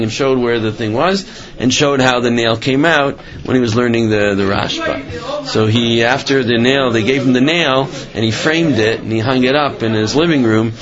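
A man telling stories in a Torah lecture, in a conversational, halting way with many fillers, in a slightly muffled recording. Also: mid-range voice. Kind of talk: storytelling lecture.

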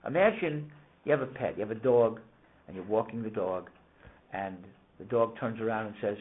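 A man teaching a casual Torah lesson, telling stories with animated, emphatic questions. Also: medium pitch, fairly quick. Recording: tinny phone-like sound.

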